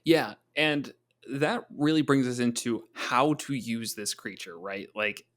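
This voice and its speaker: A man's voice: medium pitch, fairly bright tone. A man co-hosting a tabletop-game podcast, talking through monster design in a casual, thoughtful way. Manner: thoughtful, chatty, acts out quick quoted voices.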